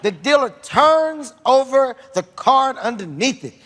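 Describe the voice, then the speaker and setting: A man telling a stand-up story in an animated way, breaking into shrieking high exclamations. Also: measured pace, in a large hall. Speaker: stand-up comedian.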